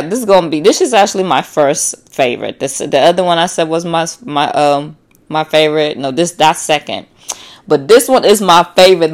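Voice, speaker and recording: A woman with a lowish voice hosts a casual solo podcast. Her talk is slangy and loaded with swearing and fillers like "like" and "you know." She acts out quoted back-and-forths in an animated way. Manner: profane, animated storytelling with acted-out quotes. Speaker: podcast host.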